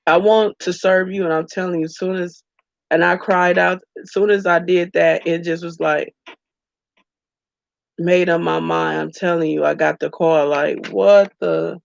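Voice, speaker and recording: A woman records a candid, emotional vlog, tearful and addressing her viewers as y'all. Her voice carries a gravelly edge. The recording is dry and a bit dull, as if made on a phone in a small room. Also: on the low side, flat delivery, moderate pace, no echo. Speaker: vlogger.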